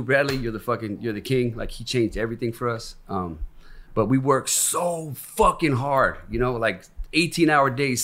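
A man's voice: medium pitch, a bit bright. A man, a podcast guest, telling a personal story in casual, candid talk full of swearing and acted-out quotes. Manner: profane and candid, acts out quoted voices.

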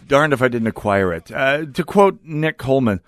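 A man's voice: medium pitch, lively intonation, normal speed, no echo. A man hosting a political talk radio show, sarcastic and combative as he takes calls. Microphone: studio microphone.

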